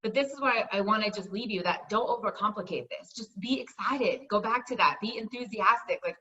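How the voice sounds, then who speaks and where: A woman's voice: medium pitch, lively intonation, fairly quick, few pauses, sharp tone, recorded from a distance, highs cut off. A woman leading a sales team call, enthusiastic and chatty, often saying "like" and "right?".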